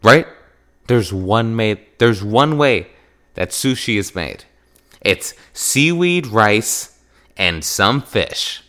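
Man, podcast host, from Wisconsin, casual monologue, bright tone, lots of pitch swing. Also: takes it slowly. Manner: animated and emphatic, acts out quoted exchanges.

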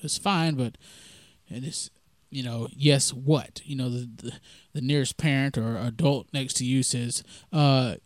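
A man's voice: medium pitch, fairly even intonation, a little slow, no echo. A man from the American South with a Southern accent, hosting a podcast in a rambling, folksy storytelling style full of fillers. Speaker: podcast host. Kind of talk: casual storytelling monologue.

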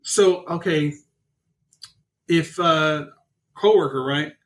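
A woman's voice: low voice, slow pace. A woman co-hosting a podcast in casual chat, reacting and teasing playfully. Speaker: podcast co-host.

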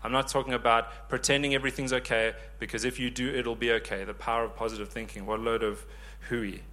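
A man in his thirties preaching a sermon, lively and joking with the congregation. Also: medium pitch, quick pace. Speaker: pastor.

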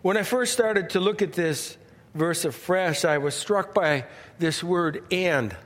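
A man's voice: sits high, measured pace, fairly bright tone, long reverb tail. A male pastor preaching a sermon in a loose, conversational storytelling way with frequent restarts.

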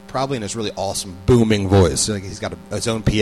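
A man's voice: fairly low pitch, lively intonation, rapid-fire, few pauses, soft background music, rough recording. A man and parent giving a casual, conversational sermon, often repeating words and putting questions to his listeners. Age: adult parent. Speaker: preacher.

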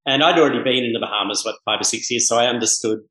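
A middle-aged man from Mauritius, a podcast guest telling anecdotes in a casual, animated way and acting out the dialogue. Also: mid-range voice, very fast. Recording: roomy echo.

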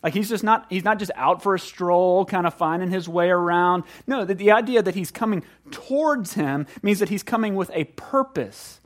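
A man preaches in a church sanctuary in a conversational, animated way, often restarting his sentences. His voice sits a little high for a man. He moves between quiet prayer and lively storytelling. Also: moderate pace, hardly any pauses. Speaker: pastor. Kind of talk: sermon.

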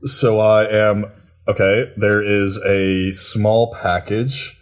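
A young man co-hosting a podcast, chatting casually and excitedly describing gifts he is opening. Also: lowish voice, slow pace. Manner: excited, swearing, laughing while describing gifts. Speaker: podcast co-host. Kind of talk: casual chat.

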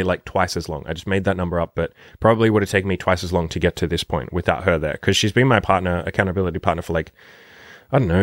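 Brief: young male dating coach, deep voice, dry close sound, blunt and profane. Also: no room sound. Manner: blunt, profane, rambling with many fillers. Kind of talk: casual vlog monologue.

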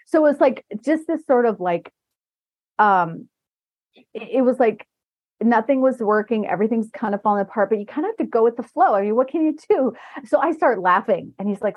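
A woman's voice: mid-range voice, moderate pace, a little mellow, dry recording. A woman podcast host telling rambling anecdotes in a casual chat, often laughing as she talks. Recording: dull dry lo-fi recording.

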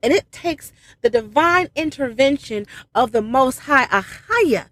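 Woman, fervent preacher to her followers, emphatic, higher-pitched, dry close sound. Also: lively intonation, measured pace, fairly bright tone, no room sound. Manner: emphatic and repetitive, with brief self-amused laughs. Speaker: religious video speaker. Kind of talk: fervent spiritual address to followers.

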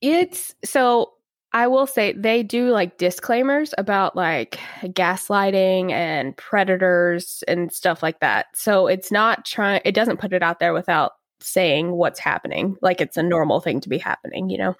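A woman's voice: fairly low pitch, measured pace, dry recording. Young Southern American woman, podcast co-host, chatty, easy laughter, dry close sound. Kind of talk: casual chat.

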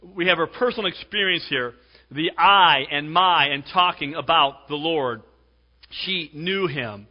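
A male pastor preaching a sermon in a fairly high voice, emphatic and shifting between loud urging and hushed asides. The sound is dull and lo-fi, with a long reverb from a large church hall. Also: a little slow.

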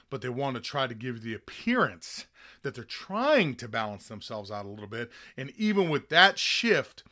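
A man's voice: mid-range voice, sharp tone. A man hosting a commentary show, talking bluntly and sarcastically in a heated rant, often checking in with "okay?". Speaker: podcast host. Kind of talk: opinionated commentary monologue.

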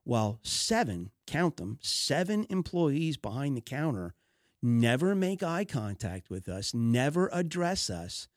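A man at a middle pitch delivers a business podcast monologue, leaning on fillers and restarts as he tells stories. He sounds fed up with careless service. The recording is dry, with no room sound. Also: very animated, a little slow, no room sound. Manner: conversational, storytelling with frequent fillers and restarts; exasperated complaining about poor service. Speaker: podcast host.

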